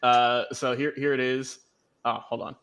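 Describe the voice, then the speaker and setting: Bright-voiced man hosting a sports panel. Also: mid-range voice, flat delivery, a little slow. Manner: easygoing, hesitant, many ums. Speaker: sports show host.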